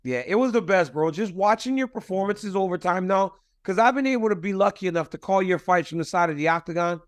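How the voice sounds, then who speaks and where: Man, forties, high-pitched voice, friendly emphatic interviewer, dry close sound. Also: animated, fast, clear, resonant tone, dry recording. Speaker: interviewer and fight analyst. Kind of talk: casual interview.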